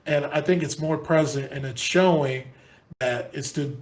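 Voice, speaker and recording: Speaking at a moderate pace in a voice on the high side, this sports podcast co-host talks casually. He goes on in long, earnest stretches that ramble and keep restarting.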